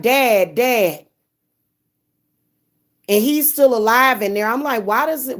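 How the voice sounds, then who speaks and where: A young woman venting angrily in a vlog, cursing heavily and stumbling over repeated words when upset. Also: fairly low pitch. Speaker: spiritual reader and vlogger. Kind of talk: angry, profane venting monologue.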